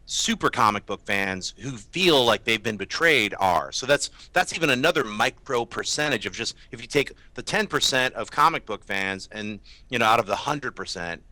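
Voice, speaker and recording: A man's voice: mid-range voice, animated, moderate pace, hardly any pauses, pushed and bright, no room sound. A male co-host losing his voice, giving emphatic, opinionated takes in a casual panel chat. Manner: opinionated, emphatic, mocks fan complaints. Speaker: movie show co-host.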